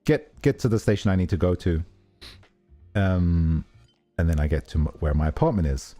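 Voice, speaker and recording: A man chats casually on a livestream, telling a meandering story with plenty of fillers and restarts. His voice sits low and sounds dark and relaxed. Faint music plays underneath. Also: moderate pace. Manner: rambling, storytelling, many fillers. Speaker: streamer.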